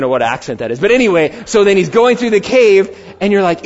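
A middle-aged man preaching a sermon to a congregation, chatty and animated, telling stories and acting out quotes in changing voices. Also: high voice, fairly quick. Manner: animated, conversational, acts out quotes in varied voices. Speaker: pastor. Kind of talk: sermon with storytelling. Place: church hall before a congregation. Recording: slightly dull lo-fi sound.

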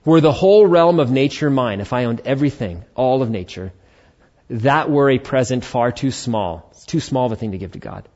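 A man's voice: animated, normal speed, lo-fi sound. Emphatic preaching pastor, man. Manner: preaching with sudden loud emphatic bursts and soft low asides. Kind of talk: sermon. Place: church.

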